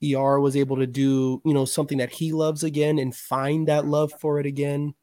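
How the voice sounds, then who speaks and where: A man's voice: on the high side, level tone, brisk, warm tone, no echo, studio quality. A man in casual chat, telling stories loosely with slang and plenty of swearing. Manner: loose, profane storytelling with slang.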